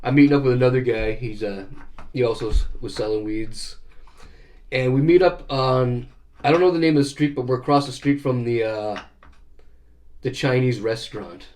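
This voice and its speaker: A man's voice: mid-range voice, normal speed. Profane man telling stories. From Canada. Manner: profane, animated storyteller. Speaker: vlogger. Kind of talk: casual storytelling.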